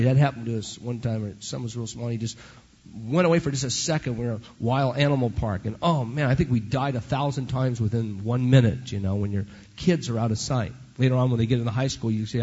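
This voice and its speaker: A middle-aged man, a pastor, preaching a sermon in an animated, conversational way with storytelling asides and a husky voice. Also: on the high side. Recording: dull lo-fi recording.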